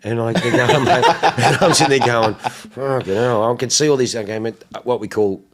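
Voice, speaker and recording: A man's voice: medium pitch, normal speed. A man hosting a casual car chat, telling stories with plenty of swearing and acted-out quotes. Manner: animated storyteller, swears freely, acts out quotes.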